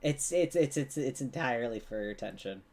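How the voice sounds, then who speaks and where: A man's voice: mid-range voice, expressive, a little fast, a little mellow. A man narrating as game master of a tabletop game on a live stream, rambling with frequent ums and restarts and laughing easily.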